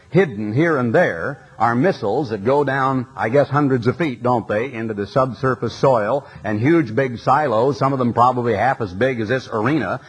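Male preacher, husky voice, fervent arena sermon, reads scripture aloud. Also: mid-range voice, poor audio. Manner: impassioned, reads scripture aloud, lists items in rising cadence. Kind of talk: sermon to a large audience. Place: large arena.

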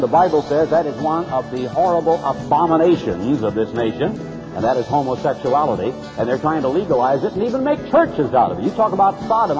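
Recorded on dull lo-fi tape with long reverb, this broadcast sermon comes from a man preaching emphatically and sarcastically, his pitch swinging sharply.

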